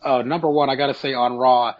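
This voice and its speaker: A man's voice: mid-range voice, steady tone, brisk. A man giving his picks on a casual wrestling podcast, opinionated, with stumbling restarts. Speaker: podcast panelist. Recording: dull lo-fi sound.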